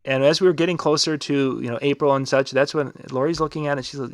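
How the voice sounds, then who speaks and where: A man in the middle of his range chats on a live web show, rambling and restarting as he pitches a contest. His voice is close and dry, with no room around it. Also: fairly even intonation, quick pace, no echo. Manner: rambling, restarts and fillers, upbeat promo talk. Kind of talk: casual live-stream chat.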